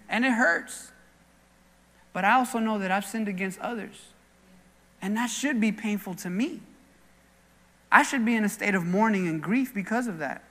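A male pastor with a very high, bright, forceful voice delivers a sermon in an earnest, conversational way, mixing in stories from his own life. His words ring out with the long reverb of a church hall. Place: church sanctuary.

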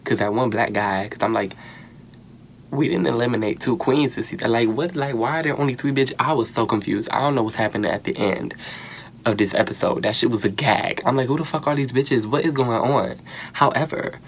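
A young man giving casual, sassy and profane commentary on a reality show, animated and quick to exclaim. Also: mid-range voice, a little hiss or hum. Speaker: reality TV reviewer.

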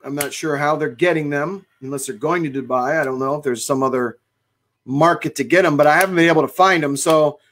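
Upbeat, fairly high-voiced cigar shop host. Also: male voice, a little fast, fairly bright tone, a little hiss or hum. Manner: chatty and enthusiastic, exclaims often. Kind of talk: casual livestream chat reading viewer comments.

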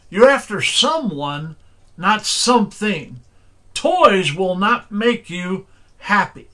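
Bright-voiced, folksy older preacher man. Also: high-pitched. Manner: folksy storytelling preaching, says "all right?" often. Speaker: pastor. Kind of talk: sermon.

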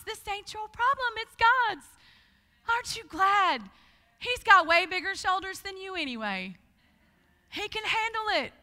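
A woman preaching at a conference, telling her story in a lively way and acting out the voices of the people in it. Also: very high-pitched. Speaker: guest speaker. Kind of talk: conference sermon with testimony. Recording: long hall reverb.

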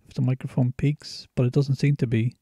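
A man's voice: mid-range voice, level tone, a little fast, warm tone, dry recording, clean studio sound. A man rambling casually while testing a cheap dynamic USB microphone at his home computer. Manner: rambling, unscripted, with fillers. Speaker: microphone tester. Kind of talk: casual mic test talk.

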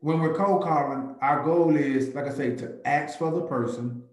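A man, a real estate agent speaking as a guest on a video call, who tells stories lively and acts out little conversations. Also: moderate pace, reverberant, poor audio. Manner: animated, jumps into a higher voice to act out chats. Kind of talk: lively talk with acted-out dialogues.

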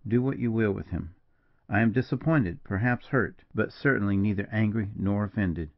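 A man's voice: on the low side, no echo, lightly acted. A man as a mournful frontier major. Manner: slow, mournful, measured. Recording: dull, dry lo-fi recording.

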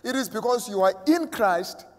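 High-voiced preacher in a reverberant hall. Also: male voice, expressive, moderate pace. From South Africa. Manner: emphatic preacher, acting out imagined voices. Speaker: pastor. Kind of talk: sermon.

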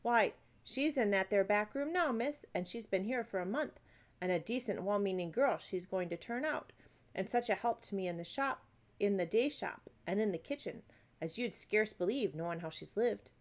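A woman's voice: mid-range voice, animated, moderate pace, natural voice. Storybook baker woman, kindly and talkative, rustic speech, put on by a woman reader. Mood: warm. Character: kindly working-class female baker, middle-aged, chatty.

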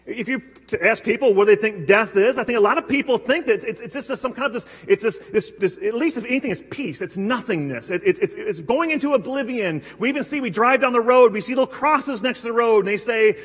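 A young adult male pastor preaching a sermon in a church sanctuary, animated, acting out quotes with big swings and frequent restarts. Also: very high-pitched, quick pace. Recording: long hall reverb.

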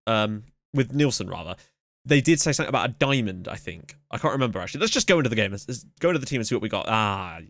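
A man hosting a let's play, giving excitable running commentary on a match with sudden yelps at big moments. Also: medium pitch, no echo. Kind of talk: casual gameplay commentary. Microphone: camera mic.

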